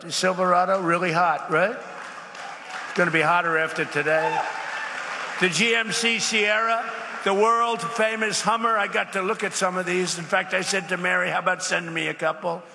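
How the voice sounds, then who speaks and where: A man with a high, steady voice speaks at a moderate pace, delivering an improvised speech in a large event space. He repeats himself with emphasis and drifts into tangents, while crowd noise and a noisy background fill the reverberant hall's faint ambience.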